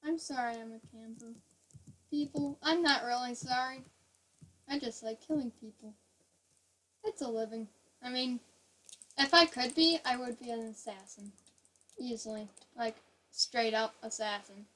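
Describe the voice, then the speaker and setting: A woman playing Minecraft with a friend, cracking dry, deadpan jokes and rambling asides. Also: fairly high pitch, a little slow, long pauses, poor audio. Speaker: Minecraft player. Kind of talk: joking gameplay chatter.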